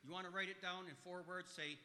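Male pastor delivering a sermon; emphatic, punches key words and then drops to quiet asides. Bright, tense tone, a bit higher than average, in a hall with long reverb. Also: steady tone, quick pace. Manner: emphatic, swings between loud stresses and quiet asides.

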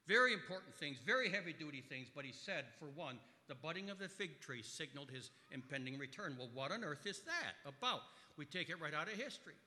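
Bright-voiced preacher in a reverberant hall. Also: male voice, fairly high pitch, expressive, brisk, few pauses. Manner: emphatic, swings between loud stresses and quiet asides. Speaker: pastor. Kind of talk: sermon.

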